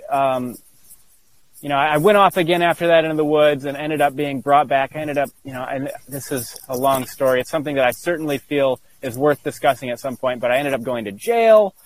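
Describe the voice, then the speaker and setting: Earnest, halting man telling a story. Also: on the high side, low-quality recording. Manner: halting, full of restarts and fillers, earnest. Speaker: guest. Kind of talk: candid interview storytelling.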